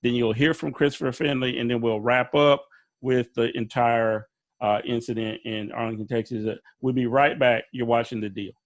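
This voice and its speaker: A man hosting a talk show, introducing segments and a guest in a relaxed way. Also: mid-range voice, normal speed. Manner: relaxed, with fillers and restarts. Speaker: host.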